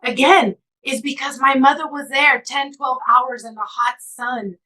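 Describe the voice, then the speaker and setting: A woman's voice: high voice, a little slow, sharp tone, rough recording. A woman author being interviewed, telling stories earnestly and with emotion, switching into Spanish at times. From California, United States. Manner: emotional, earnest storytelling, slipping into Spanish phrases. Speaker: author and guest. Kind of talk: heartfelt interview answer.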